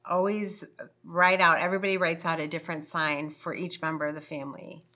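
A woman's voice: low-pitched, level tone, fairly quick, bright, forceful tone. A woman co-hosting a faith podcast, earnest and enthusiastic in casual chat. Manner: earnest, enthusiastic, talks about family. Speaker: podcast co-host.

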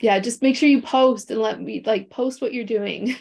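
A woman's voice: fairly high pitch, moderate pace, creaky, a little mellow. A woman on an online call, a coaching client talking casually in rambling, grateful sentences full of fillers and restarts.

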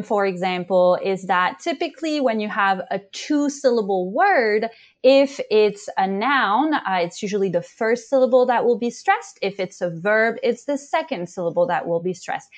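A woman co-hosting an English-learning podcast, explaining grammar rules carefully with small hesitations. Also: mid-range voice. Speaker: English teacher co-host. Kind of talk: educational podcast chat.

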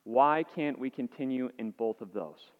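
A man's voice: mid-range voice, unhurried. A male pastor preaching a sermon to his congregation. He asks the listeners earnest rhetorical questions and repeats words as he restarts phrases. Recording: dull, echoey hall sound.

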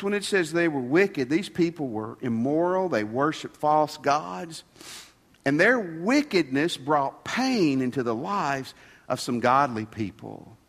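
A man preaching a sermon in a folksy, conversational way, asking his congregation rhetorical questions. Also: fairly high pitch. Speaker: pastor. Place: church sanctuary. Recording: long hall reverb.

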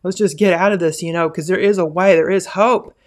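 A woman's voice: lowish voice, steady tone, brisk. A woman hosting a podcast in a casual monologue, earnest and encouraging, rambling with many fillers and restarts. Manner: rambling, full of "like" and "you know". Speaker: podcast host.

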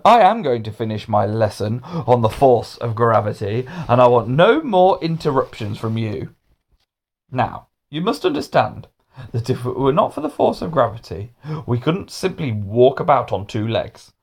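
A man's voice: mid-range voice, sing-song, moderate pace, darkish tone. A fussy male teacher, easily flustered and prim, whose voice leaps up and down as he scolds the class. A man reads him aloud in a storybook. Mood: cross.

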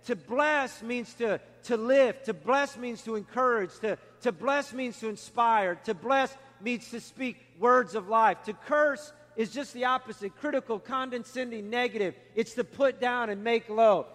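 A man preaching a sermon with emphatic, repeated key lines. His voice sits high for a man, and a long reverb hangs behind him in the church hall. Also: measured pace, hardly any pauses, a bit bright.

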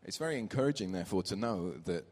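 Deep-voiced man preaching in a hall. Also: expressive, fast talker. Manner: warm conversational, reads scripture aloud. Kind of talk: sermon with personal story. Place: church. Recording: reverberant church hall.

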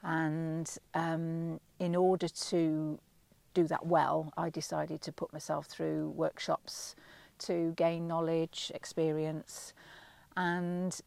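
A middle-aged woman from England speaks as a vocal coach being interviewed, explaining her work at an unhurried, thoughtful pace with plenty of ums and restarts. Her voice sits low and carries a gravelly fry. The sound is close and dry. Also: flat delivery, darkish tone, no room sound. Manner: thoughtful and explanatory, with frequent ums and self-corrections. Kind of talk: relaxed interview answers.

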